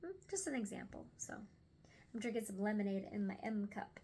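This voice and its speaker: A woman's voice: medium pitch, fairly quick, mellow, slight background noise. A young woman chatting casually at home through a tarot card reading, stumbling over words now and then and sometimes dropping to a whisper.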